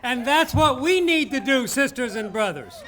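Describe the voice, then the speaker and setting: A man's voice: very high voice, expressive, moderate pace, background noise. A man emceeing an outdoor rally, introducing speakers and leading rousing call-and-response chants.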